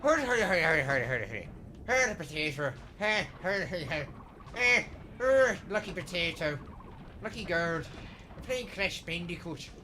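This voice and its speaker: A man putting on an exaggerated mock-Irish caricature of a frantic, hurried Irishman, yelping his words in a high, loud voice. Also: big pitch swings, a little hiss or hum, heavily acted.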